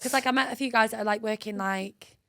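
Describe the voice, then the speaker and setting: A young woman, co-hosting a podcast and telling stories in a chatty, animated way. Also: fairly high pitch, fast talker, no room sound, clean studio sound. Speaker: podcast co-host. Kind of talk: casual chat.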